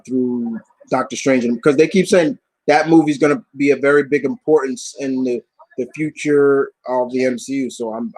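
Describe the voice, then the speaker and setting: A man hosting a casual live Q&A stream, answering viewer questions in an animated, swearing, ranting way. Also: medium pitch, dry recording, low-quality recording. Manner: animated, swearing, rants with voiced asides.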